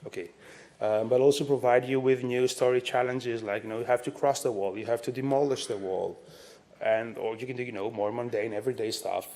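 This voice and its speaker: A man's voice: mid-range voice, steady tone, brisk, darkish tone. A man giving a conference talk, speaking with enthusiasm and leaning often on "you know".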